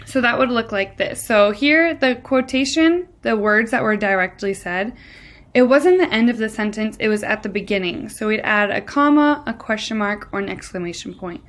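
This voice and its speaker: A woman's voice: mid-range voice, animated, normal speed, fairly bright tone. A woman teacher giving a recorded grammar lesson, walking through each rule step by step and starting many sentences with "so.".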